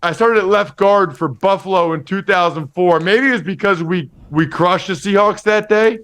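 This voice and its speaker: A former football player and analyst on a radio show, talking in a lively, teasing, joking way. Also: male voice, high-pitched. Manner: lively, teasing, quick to joke. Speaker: football podcast host and analyst, guest. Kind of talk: casual radio interview banter.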